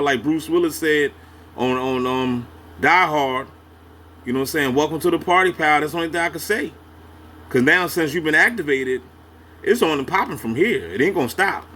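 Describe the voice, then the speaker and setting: A man's voice: on the high side, normal speed, pushed and bright, slight background noise. A man hosting a reaction video, talking in slangy, emphatic asides and backing up the clip he plays. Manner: slangy, emphatic, chiming in with agreement. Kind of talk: casual reaction commentary.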